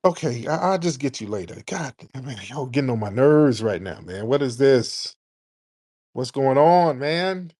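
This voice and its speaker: A blunt male radio host running a call-in show, quick to lose patience and push callers to get to the point. His voice is mid-pitched and dry, with little room sound. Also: animated, darkish tone, no echo. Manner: blunt, impatient, exasperated. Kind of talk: live call-in commentary.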